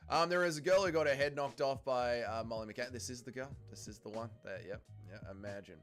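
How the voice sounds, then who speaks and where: A man's voice: mid-range voice, fairly quick, a bit bright, faint music behind. A young Australian man hosting a casual fight-night watch-along, swearing freely and reading chat aloud. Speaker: livestream host.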